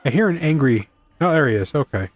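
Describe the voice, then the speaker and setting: A man's voice: a little high, big pitch swings, a little fast, no echo, faint music behind. A man casually commenting as he plays a video game, rambling and cracking self-deprecating quips. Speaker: gaming video host.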